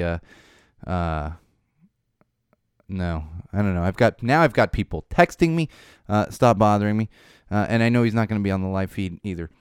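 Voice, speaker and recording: Wry, rambling podcast host. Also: male voice, fairly low pitch, clear, resonant tone, dry recording, clean studio sound. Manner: rambling, wry, animated, swears casually. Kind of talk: casual podcast monologue.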